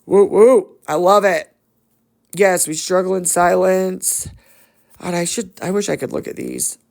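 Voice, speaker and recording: A woman's voice: fairly low pitch, unhurried, gravelly. A woman on a phone livestream, greeting viewers by name in an affectionate, chatty, rambling way. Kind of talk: casual livestream shout-outs.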